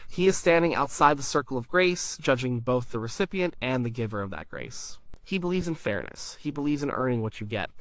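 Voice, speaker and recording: A man giving a scripted Bible teaching in a measured, emphatic way, with deliberate pauses. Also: mid-range voice, fairly bright tone, dry recording. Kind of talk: scripted narration.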